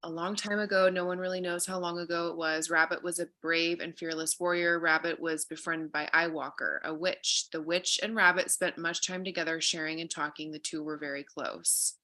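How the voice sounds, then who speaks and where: A woman's voice: on the low side, fairly even intonation, normal speed, few pauses, pushed and bright. A woman guest reading a spiritual card story aloud and chatting in an earnest, reflective way.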